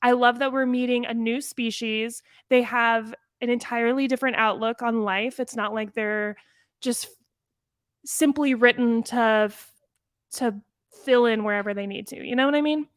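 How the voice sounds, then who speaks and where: A woman co-hosting a podcast in casual chat, animated and quick, with frequent "like". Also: fairly high pitch, no room sound. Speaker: podcast co-host.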